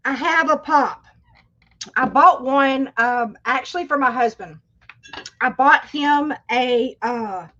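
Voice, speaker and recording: High-voiced chatty woman. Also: fairly bright tone, lo-fi sound. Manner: chatty, talks straight to viewers. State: coughing, irritated throat. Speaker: livestream host; schoolteacher. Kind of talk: casual live chat.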